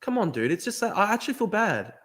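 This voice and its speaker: A man with a high, quick voice argues in a heated debate, sounding exasperated. He keeps stammering, restarting his sentences and saying "dude". He is from Australia. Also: very animated, a bit bright. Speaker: podcast host.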